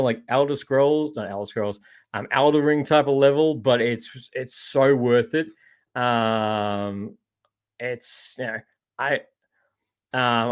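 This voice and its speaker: A rambling, chatty Australian man hosts a live podcast in a casual, loose way. His voice sits at an ordinary middle pitch, and he keeps throwing in "mate" while he answers viewers. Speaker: podcast host. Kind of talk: casual live-stream chat reading viewer comments.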